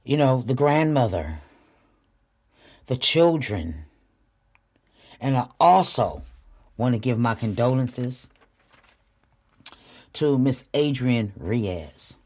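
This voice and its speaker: An earnest podcast host with a medium-pitched, darkish voice gives a heartfelt spiritual talk. The phrasing is drawn out and repetitive, and listeners are addressed as y'all.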